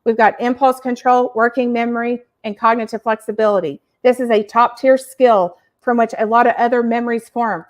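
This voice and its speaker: A woman podcast host explaining ideas to parents in an animated, emphatic teaching style. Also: a little high. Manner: animated, emphatic, uses acted examples. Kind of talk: educational explaining.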